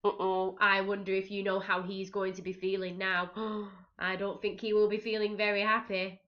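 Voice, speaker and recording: A woman's voice: mid-range voice, flat delivery, normal speed, dull audio. A woman teaching young children, reading a picture book aloud expressively, gasping and asking them questions as she goes. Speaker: reception teacher.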